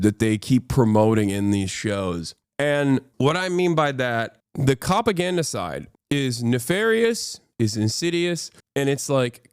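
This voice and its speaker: A man's voice: medium pitch, darkish tone, smooth, no echo, studio quality. A man giving casual livestream commentary as a political streamer, rambling and profane with frequent restarts.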